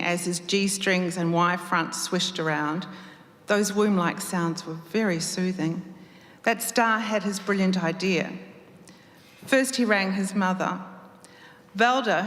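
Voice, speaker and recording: A woman writer reading her own story aloud to an audience at a live event, expressive and measured. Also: fairly low pitch. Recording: roomy hall reverb.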